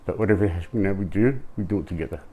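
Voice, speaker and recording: An older man giving emotional interview testimony, speaking in a halting way and repeating words. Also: sits low, warm tone. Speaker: grieving father interviewed.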